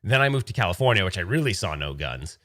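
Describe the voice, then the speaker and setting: Low-voiced man rambling on a livestream. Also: very animated, fast talker, a bit bright. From Rhode Island. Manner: rambling, digressive storytelling. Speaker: host. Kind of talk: casual livestream chat.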